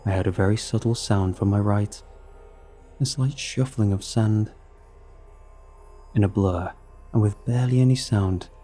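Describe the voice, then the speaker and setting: Deep-voiced man narrating horror. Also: dark tone, breathy edge.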